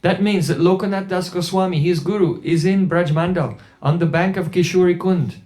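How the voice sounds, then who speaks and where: A man's voice: high voice, normal speed, darkish tone. A man giving a spiritual talk through anecdotes, with rhetorical asides and quoted voices. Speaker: spiritual teacher. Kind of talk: storytelling sermon.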